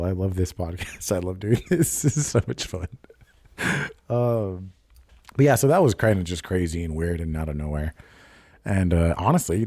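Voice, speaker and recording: A young man hosts a solo podcast, casually rambling through a confessional personal story laced with profanity. His voice is deep and mellow, and the studio-quality audio has no room sound.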